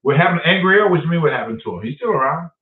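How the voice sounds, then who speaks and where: Talking very fast in a high-ish voice with lively intonation, a live streamer swears heavily as he tells stories and chats with viewers by name, reading their names from chat. The sound is roomy, distant and phone-like.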